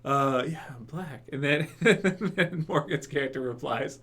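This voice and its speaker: A man's voice: a little high, measured pace, hardly any pauses, a bit bright, breathy edge. A young man from England rambling through a casual video review, laughing often and filling gaps with ums and uhs. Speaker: YouTube reaction host.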